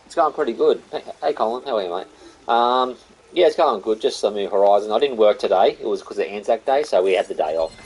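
A man's voice: on the low side, animated, quick pace, darkish tone, slight background noise, rough recording. A young Australian man chatting casually with viewers on a live game stream, greeting them by name and calling them mate and buddy.

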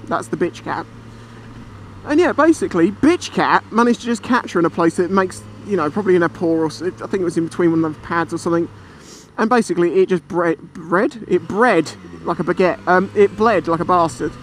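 A British motorcycle vlogger with a fairly high voice tells a story briskly while riding outdoors on his motorbike. He's chatty and animated, swearing freely and rambling, with faint engine and traffic noise behind him.

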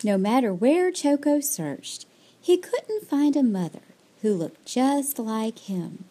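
A woman reading a children's picture book aloud, slowly and expressively. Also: on the high side, sing-song, dark tone. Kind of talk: storybook read-aloud.

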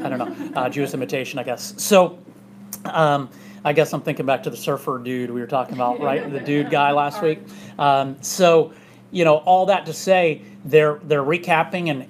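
In a church sanctuary, a male pastor with a voice on the high side delivers a casual sermon, with slight background noise. He's chatty and conversational, full of fillers and asides.

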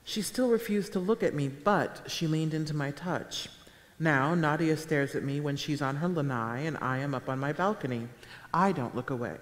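Woman giving a deadpan reading in a hall. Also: low voice, normal speed. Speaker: author reading her own fiction. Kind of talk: live public reading. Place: town hall auditorium with a live audience. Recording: echoey live hall sound.

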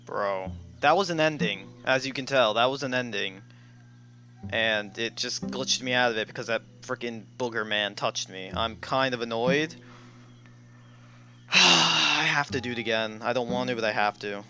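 A young man commenting on his own horror game playthrough, excitable and full of swearing, rambling as he reacts. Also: mid-range voice, normal speed, soft background music. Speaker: gaming channel host. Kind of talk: let's play commentary.

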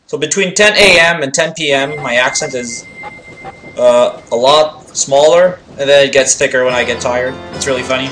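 French canadian guy streaming, bright tone, chatty, little stutter, some music playing low. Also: normal speed. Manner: chatty, thanks viewers, laughs easily, light stutter. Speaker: speedrunner streamer. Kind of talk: casual live-stream chat while playing.

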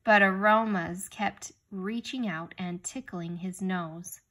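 A woman reading a children's chapter book aloud, stopping now and then to ask young listeners gentle questions. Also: medium pitch, steady tone, slow. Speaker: reader.

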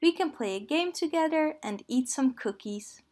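A woman's voice: high-pitched, lively intonation, moderate pace, a little mellow. Tigger, a woman doing a bouncy cheerful tiger. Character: bouncy cheerful young male tiger toy.

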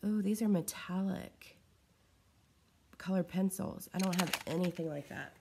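At home in her living room, a craft vlogger opens fan mail in a casual unboxing of craft supplies, gushing over small items and drifting scattered from thought to thought. Her low, deep-set voice is unhurried and creaky, she coughs now and then and sounds a little short of breath, and the recording is very noisy.

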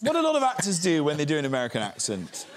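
Man, thirties, chat show guest, self-mocking, lively, slightly high voice, noisy recording. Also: very fast. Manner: self-mocking, laughing as he talks. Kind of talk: comic anecdote on a chat show. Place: TV studio with audience. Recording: loud background noise.

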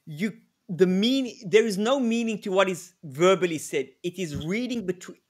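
Guy cohosting a live webinar, pretty high voice, tells stories, laughs a lot. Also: expressive, normal speed. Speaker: co-presenter, negotiation expert.

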